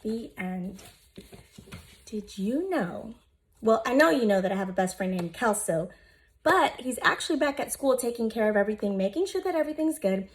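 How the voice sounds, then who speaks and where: Expressive woman reading a storybook aloud. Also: a little high, normal speed. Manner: expressive, gentle, speaks directly to listening children. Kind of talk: storybook read-aloud for children.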